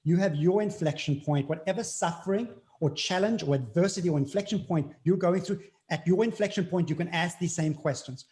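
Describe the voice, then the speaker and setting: A man with a South African accent speaks earnestly as an interview guest, reflective and repeating key phrases for emphasis. His voice sits high with a dark tone, and he talks fairly quickly with few pauses.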